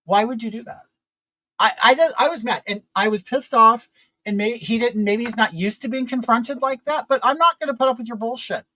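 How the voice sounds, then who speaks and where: A vlog host with a very high, sharp voice talks briskly in a casual chat, recounting a frustrating story with exasperation, rambling, and plenty of fillers. The recording quality is low.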